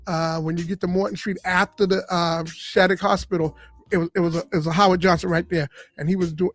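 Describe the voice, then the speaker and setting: A man from Boston, a comedian and radio guest, telling lively stories in a casual interview. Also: on the high side. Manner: animated storyteller, lively and full of punchlines.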